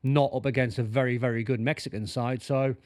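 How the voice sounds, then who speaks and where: A man's voice: mid-range voice, fairly even intonation, a little fast, a little mellow. A man giving football opinions on a sports panel, chatty and blunt, often restarting his sentences. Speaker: football pundit.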